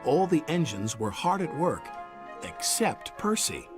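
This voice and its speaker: A man narrating a children's story with an animated, scripted delivery. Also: on the high side, unhurried. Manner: lively, animated telling. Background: background music.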